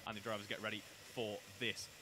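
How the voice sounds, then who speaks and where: A man's voice: fairly low pitch, fast talker, noisy background. A man giving live commentary on a kart race from a commentary box, steadily reading out the grid order. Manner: steady, reads out grid orders in long lists. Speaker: karting commentator.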